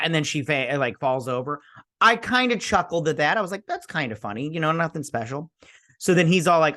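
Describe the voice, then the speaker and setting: A man's voice: mid-range voice, fairly bright tone. A man in the middle of his range talks through an episode recap in a loose, rambling way. He keeps stopping to correct himself and drops sarcastic asides as he goes. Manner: rambling, sarcastic, frequent fillers and self-corrections. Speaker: show host reviewing an episode. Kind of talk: casual recap and review.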